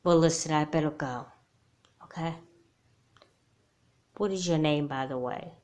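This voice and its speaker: A woman voicing a remorseful adult woman kidnapper in a homemade doll movie, speaking softly and hesitantly. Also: low voice, unhurried. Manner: soft, hesitant, apologetic.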